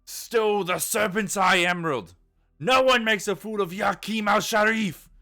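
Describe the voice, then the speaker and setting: Man doing a huge crime boss, furious, bellowing, high strained shouting, faint music behind. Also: measured pace, heavily acted. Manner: bellowing threats.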